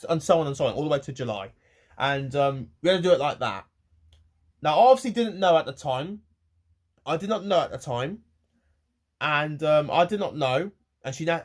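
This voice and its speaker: A man ranting on a personal vlog to camera, rambling and halting with many restarts and repeated words, emotional and close to tears. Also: fairly high pitch. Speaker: vlogger.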